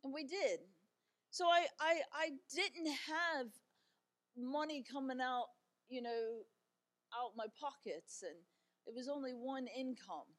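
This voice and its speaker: A woman's voice: sits high, takes it slowly. A middle-aged woman giving an encouraging talk as a guest speaker, telling stories in a chatty way with fillers and light humor.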